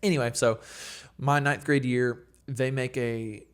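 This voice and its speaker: Young male worship songwriter, podcast guest; casual, animated, filler-heavy storyteller, average pitch. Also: measured pace, clean tone.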